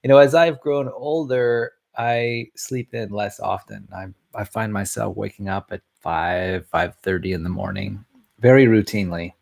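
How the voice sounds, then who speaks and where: A man's voice: fairly low pitch, fairly even intonation, moderate pace, creaky, a little mellow. A middle-aged man recording a casual video message at home, chatting in a rambling way and chuckling often. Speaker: family member sending a video message.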